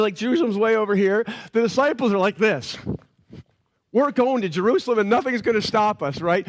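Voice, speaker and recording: High-voiced animated pastor preaching. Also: male voice. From Canada. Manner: casual, animated storytelling with playful voices for characters. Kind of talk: sermon.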